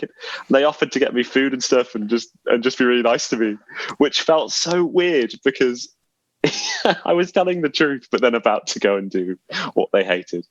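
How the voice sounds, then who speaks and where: A man's voice: mid-range voice, brisk, no echo, highs cut off. A man, a podcast guest telling stories in a chatty, self-deprecating way. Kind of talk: casual storytelling chat.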